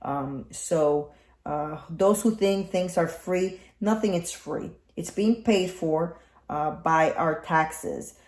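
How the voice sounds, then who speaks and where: A woman in her forties hosting a casual morning talk show, speaking softly with many fillers. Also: on the low side, reverberant. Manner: slow, soft-spoken, many fillers. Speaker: show host.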